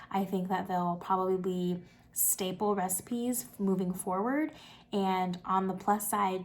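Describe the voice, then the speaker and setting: A woman's voice: mid-range voice, darkish tone. A young woman talking casually through a cooking vlog, chatty and upbeat, with lots of fillers. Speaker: vlogger.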